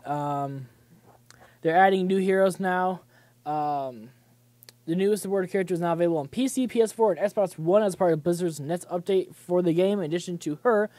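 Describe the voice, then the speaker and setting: A man's voice: sits high, a little mellow, no room sound. Rambling young man hosting a livestream. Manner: rambling, many fillers and restarts. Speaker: livestream host. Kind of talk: casual gaming news chat.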